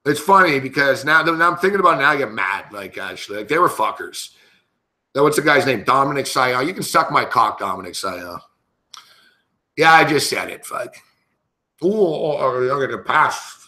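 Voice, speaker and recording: A man's voice: mid-range voice, animated, moderate pace, bright, forceful tone. A man commentating on a sports betting show, telling a rambling story and breaking into a heated, profane rant full of swearing.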